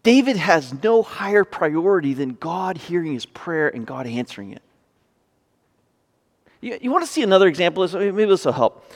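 A man's voice: high-pitched, very animated, moderate pace, long reverb tail. A man preaching a sermon, reading scripture aloud and then explaining it in a conversational way to his congregation. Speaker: pastor.

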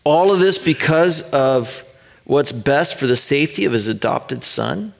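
Gravelly pastor preaching with slow emphasis. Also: male voice, medium pitch, animated. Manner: earnest, emphatic, drawn-out pauses for emphasis. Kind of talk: sermon.

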